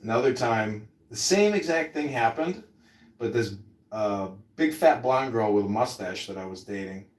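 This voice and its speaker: A man's voice: medium pitch, normal speed, recorded from a distance. An American man telling comic stories in casual podcast chat, acting out voices as he goes. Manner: animated, acts out voices in his stories. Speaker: podcast host. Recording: roomy sound from off mic.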